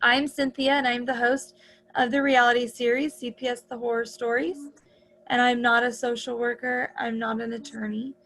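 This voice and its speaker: A woman's voice: a little high, little pitch movement, normal speed, fairly bright tone, slight background noise, poor audio. A woman hosting an interview, speaking earnestly about her advocacy while she has the hiccups. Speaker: host.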